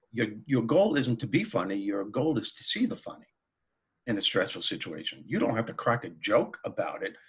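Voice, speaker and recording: A man who is a comedian and motivational speaker, telling anecdotes as a guest in an interview in an animated way. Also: mid-range voice, slightly rough. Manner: animated, anecdotal, laughs while telling stories. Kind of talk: storytelling in an interview.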